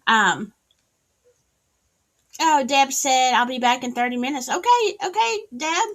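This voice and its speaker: Southern female host, livestream hangout; bright, animated, slow-paced, sassy. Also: high voice. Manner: chatty, greets viewers by name, sassy asides. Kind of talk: casual livestream chat. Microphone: streaming setup, wired in.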